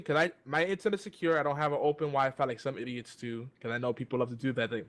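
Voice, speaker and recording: This man co-hosts a podcast by video call, talking fast with hardly any pauses in a mid-range voice. His casual ranting is full of free swearing and stumbling restarts.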